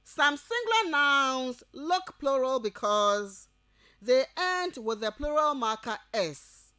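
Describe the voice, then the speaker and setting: A woman with a Ghanaian English accent giving a radio lecture to university students, repeating each point slowly as if dictating and checking that they follow. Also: high voice, sing-song, pushed and bright, clear, resonant tone, dry recording.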